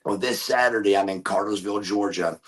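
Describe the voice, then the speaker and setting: A man's voice: fairly low pitch, brisk. A man in his fifties, a guest in a casual interview, talking in a loose, rambling way. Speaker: guest, former pro wrestler.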